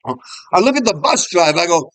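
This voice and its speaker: A man telling a story in a casual, animated, profane way, laughing often. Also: high voice, normal speed, no echo, low-quality recording. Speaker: vlogger.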